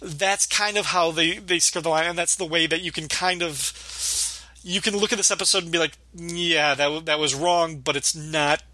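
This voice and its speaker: A man co-hosting a casual chat about a sitcom, relaxed, often laughing and quoting characters. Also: fairly high pitch, normal speed, no room sound. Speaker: podcast co-host.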